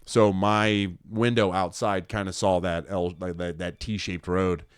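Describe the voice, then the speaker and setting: Young guy on a podcast telling wild stories, kinda low voice, dry sound. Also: a little slow, clean tone, no echo. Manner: animated storyteller who acts out voices loudly. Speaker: podcast co-host. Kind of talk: casual chat.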